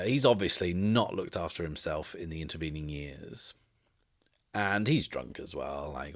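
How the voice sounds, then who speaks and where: A man's voice: sits low, fairly bright tone. A man runs a solo tabletop game for his podcast. He talks casually, thinking aloud as he goes, with fillers between ideas.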